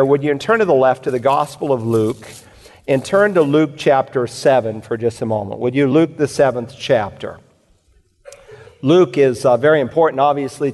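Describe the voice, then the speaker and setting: A man's voice: a little high, darkish tone. Emphatic man preaching in a big hall. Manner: preaching in measured, emphatic phrases, repeating key lines. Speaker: pastor. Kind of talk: sermon. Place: church sanctuary. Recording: long reverb of a large hall.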